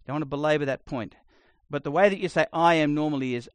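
A middle-aged man preaching a sermon, blunt and conversational, swinging between loud emphasis and quiet asides. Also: a little high, fast talker, hardly any pauses, clear, resonant tone, dry recording. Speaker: pastor.

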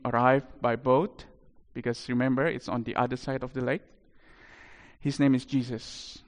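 A man preaching a sermon, telling a story animatedly with big swings in loudness. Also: medium pitch, long reverb tail.

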